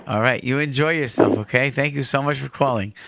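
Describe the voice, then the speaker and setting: A man's voice: mid-range voice, a little fast, gravelly, heavy background noise. A man hosting a call-in radio show, chatty and encouraging, often repeating his phrases.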